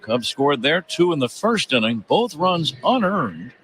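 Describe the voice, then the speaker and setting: A man calling a baseball game on radio as play-by-play announcer, in a steady, genial, informative manner. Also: on the high side, measured pace.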